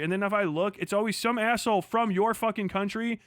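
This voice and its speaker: A man's voice: sits high, fairly even intonation, fast talker, a bit bright, no echo, studio quality. A young man from Kentucky, ranting crudely and mockingly on a livestream, often breaking into laughter. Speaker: streamer. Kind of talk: profane political rant on a livestream.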